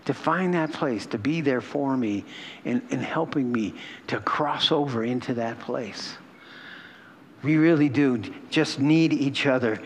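A man's voice: mid-range voice, measured pace, a little hiss or hum. A man preaching a sermon to a congregation in a conversational, emotional way, often laughing and repeating himself. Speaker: pastor. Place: church hall with a congregation.

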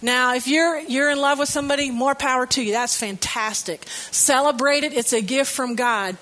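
A woman's voice: high voice, moderate pace, bright, forceful tone. A woman preaching a sermon in a conversational, storytelling way with light humor.

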